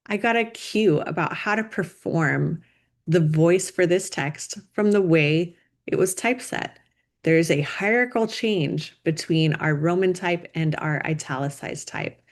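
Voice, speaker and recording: A woman instructor giving a recorded lecture over slides, explaining clearly and deliberately, stressing key words. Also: lowish voice. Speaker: design instructor.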